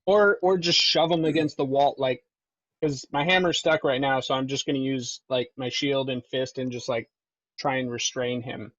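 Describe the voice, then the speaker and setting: A man's voice: mid-range voice, fairly even intonation, normal speed, fairly bright tone, no room sound, lo-fi sound. A man playing in a tabletop game, eagerly asking to grapple and attack. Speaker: player.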